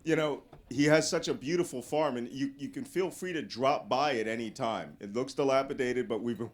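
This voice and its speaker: A man giving a casual, anecdotal talk as a guest speaker to a live audience, often raising his voice to act out the people in his stories. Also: medium pitch. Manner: animated storyteller, voices quoted people loudly.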